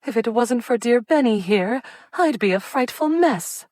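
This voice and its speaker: A fussy, fretful older lady in a cozy mystery audiobook, voiced by a woman. Her voice sits high and anxious and goes up at every shock. It is a close, dry studio read. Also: expressive, measured pace, a little mellow, no room sound. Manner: fretful and breathy with alarm.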